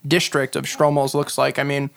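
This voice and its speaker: A man's voice: mid-range voice, completely flat delivery, moderate pace, gravelly, a bit bright, clear, resonant tone. A man running a tabletop game as game master, describing scenes in a loose, rambling way full of fillers.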